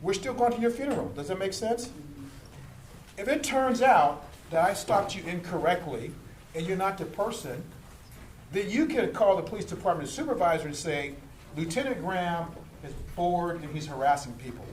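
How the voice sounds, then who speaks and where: A fairly high-voiced man, a police lieutenant, lays out how stops and complaints work, jumping into little acted scenes along the way. His voice rings around an echoey room with a faint hiss underneath. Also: moderate pace. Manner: animated, acts out street scenes. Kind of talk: explaining to a group.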